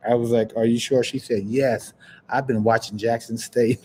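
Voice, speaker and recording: A man hosting a podcast, chatting casually and preaching encouragement in a warm, churchy way. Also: mid-range voice, flat delivery, moderate pace, slight background noise. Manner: warm, churchy, breaks into laughs and sing-song. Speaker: podcast host. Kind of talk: casual livestream chat, preachy sign-off.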